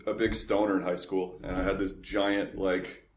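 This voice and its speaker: A laid-back man with a lowish voice jokes through a casual podcast chat. He quotes people in his stories with an easy shrug. His voice carries a roomy echo. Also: flat delivery, moderate pace, slight background noise. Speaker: podcast co-host. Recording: roomy sound.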